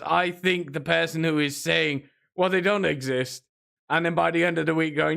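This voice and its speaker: A man's voice: fairly high pitch, steady tone, moderate pace, gravelly, a bit bright. A man streaming, rambling and mocking in a casual rant, often laughing between remarks. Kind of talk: casual ranting commentary.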